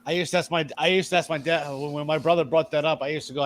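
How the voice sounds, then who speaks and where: A man's voice: fairly high pitch, fairly even intonation, racing. A man hosting a casual chat, telling crude family stories with a laugh.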